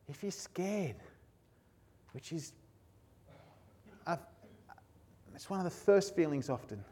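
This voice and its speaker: A middle-aged man delivers a sermon in a fairly high voice. He preaches earnestly, stacking words into emphatic lists and circling back to short refrains. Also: animated, slow, pauses often, dark tone. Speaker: pastor.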